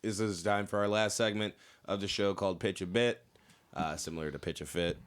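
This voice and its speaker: A man's voice: deep voice, fairly even intonation, brisk. A young man hosting a casual comedy podcast. He talks in a loose, joking way, swears, and uses lots of fillers. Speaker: podcast host.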